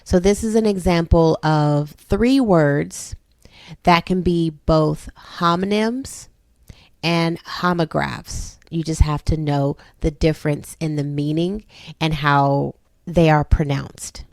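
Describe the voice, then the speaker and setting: Slow, patient homeschool mom teaching phonics. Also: female voice, sits low, gravelly, darkish tone, no echo, clean studio sound. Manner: slow, patient, explaining step by step. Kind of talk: phonics lesson for her children.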